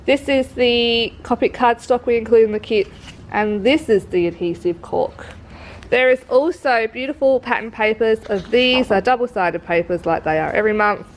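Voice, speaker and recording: A woman's voice: medium pitch, a little hiss or hum, rough recording. Chatty Australian woman, feeling sick. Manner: chatty, gushing, lots of fillers. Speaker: craft shop presenter. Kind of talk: casual product walkthrough. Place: work premises.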